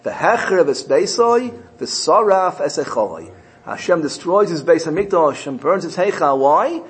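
A man with a fairly high-pitched voice, speaking at normal speed, leads a storytelling Torah lesson captured on a low-quality recording. He's an earnest, animated storyteller who weaves in Hebrew terms.

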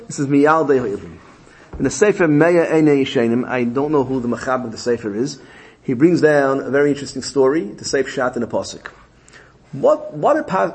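A man's voice: mid-range voice, low-quality recording. A man with a Yeshivish English accent giving a Torah lecture, telling a story in a sing-song learning cadence that rises and drops. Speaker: rabbi teaching Torah.

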